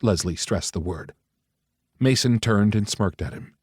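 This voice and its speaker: A man narrating an audiobook in a measured, even storytelling manner. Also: deep voice, husky, no room sound. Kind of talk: scripted narration. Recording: dry close studio mic.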